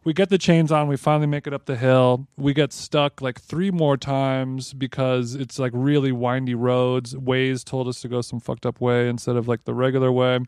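A man co-hosting a podcast, telling a long story in casual chat, animated and rambling with frequent restarts, close on the mic. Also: mid-range voice, moderate pace, few pauses, clean tone, no echo. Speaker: podcast co-host.

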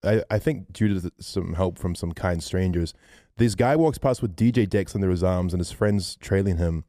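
Young nz guy, lowish voice, dry close sound, cracks up telling stories, swears a lot. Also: normal speed, dry recording. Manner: animated, laughing storyteller, swears freely. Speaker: podcast host. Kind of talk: casual storytelling chat.

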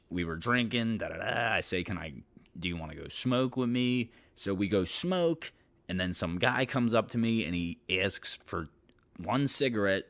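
A podcast host with a deep, fairly bright voice tells a story casually. He rambles and swears, using lots of filler.

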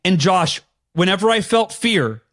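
Man, interview guest, high-pitched voice, earnest, firm conviction, occasional throat clearing. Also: very animated, a little slow, a bit bright. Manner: clears throat now and then. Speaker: podcast guest. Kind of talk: personal story in an interview.

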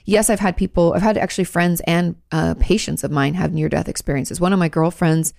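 A woman's voice: fairly low pitch, fairly even intonation, a little fast, vocal fry, a little mellow, no echo, clean studio sound. A woman therapist giving direct, reassuring advice in answer to viewers' questions. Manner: direct and reassuring, coaching the listener.

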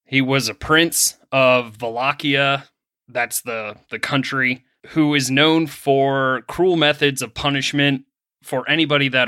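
A man's voice: mid-range voice, pushed and bright, smooth, no room sound, studio quality. A young man from Pennsylvania co-hosting a podcast, reading through a history story casually and joking about his pronunciation. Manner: self-deprecating, reads history notes in an easygoing way. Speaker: podcast co-host.

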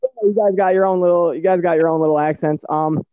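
A man's voice: fairly high pitch, fairly even intonation, fast talker, clean tone, dry recording, dull audio. A man from Michigan with a Midwestern American accent, hosting a podcast in casual, profane, rambling chat full of fillers. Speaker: podcast host.

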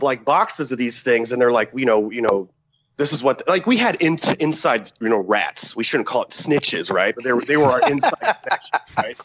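A man, a former Special Forces soldier, telling a story as a podcast guest in a profane, animated way, acting out the dialogue. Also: mid-range voice. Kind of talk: casual war-story telling.

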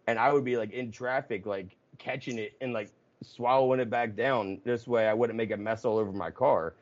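A man hosting a casual conversation, telling stories in an animated way with swearing and laughs. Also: mid-range voice, normal speed, lo-fi sound. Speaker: podcast host.

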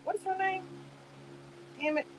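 High-voiced woman on a livestream, laughing a lot, rambling, reading chat out loud. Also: a little slow, highs cut off, slight background noise. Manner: animated and rambling, laughs often, reads chat aloud. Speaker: YouTube live host reacting to a reality show cast. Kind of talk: casual live-stream chat.

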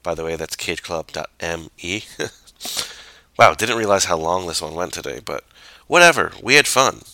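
A man's voice: low voice, moderate pace, gravelly, dry recording, low-quality recording. A man hosting a podcast in casual chat, speaking with a sick, congested voice and laughing easily. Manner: relaxed, laughs often. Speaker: podcast host.

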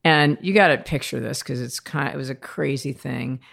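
A low-pitched American woman recounts stories as a podcast guest. She talks in an animated, conversational way and often laughs mid-sentence. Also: normal speed, creaky. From United States. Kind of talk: conversational storytelling interview.

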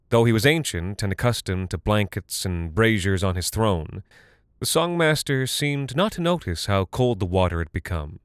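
Brief: male audiobook narrator, unhurried and deliberate, deep voice, dry studio sound. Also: smooth, no echo. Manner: measured, deliberate storytelling.

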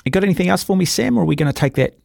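A man's voice: sits high, expressive, racing, vocal fry, a little mellow, no room sound, studio quality. A man hosting a radio show, chatting in a rambling, teasing way with plenty of fillers. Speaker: radio host. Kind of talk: casual radio chat. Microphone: studio microphone.

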